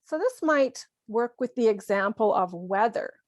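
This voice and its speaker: A woman teaching an English lesson, explaining slowly and clearly and acting out short example lines. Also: a little high, expressive, no echo, clean studio sound. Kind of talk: scripted ESL lesson.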